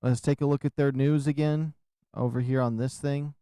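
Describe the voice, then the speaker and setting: A man's voice: mid-range voice, steady tone, normal speed, dark tone, clear, resonant tone, no echo. A man streaming a game live, chatting casually and rambling to his viewers in his room, a little short of breath. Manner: chatty, rambling, chuckles to himself. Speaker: livestream gamer. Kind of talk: casual gameplay commentary.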